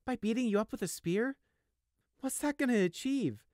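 A man voicing a frightened, timid young male deer who pleads in a high, anxious, often hushed voice. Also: expressive, moderate pace, no room sound, studio quality. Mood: pleading whisper.

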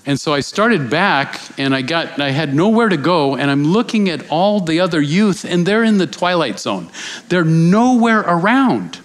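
A male guest preacher with a slightly higher voice delivers a sermon. He tells a story vividly, acting out the voices of the people in it, then moves into earnest encouragement. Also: normal speed. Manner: animated storyteller, acts out quoted voices.

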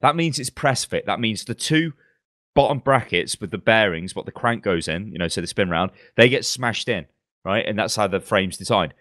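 A man's voice: on the low side, animated, normal speed, a bit bright, no echo, studio quality. A man co-hosting a gaming news podcast, chatting casually with lots of swearing and ranting asides. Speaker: podcast co-host. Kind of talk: casual chat.

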